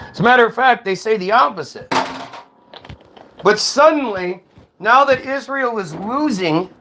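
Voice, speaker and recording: A man's voice: extremely high pitch, pushed and bright, a little hiss or hum. A man hosting his own channel in a heated, profane commentary rant, firing off rhetorical questions. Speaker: commentary host. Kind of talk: ranting commentary.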